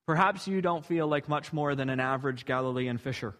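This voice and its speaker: A man's voice: medium pitch, a little fast, a bit bright. A man preaching a sermon, earnest and emphatic, building to rhetorical questions.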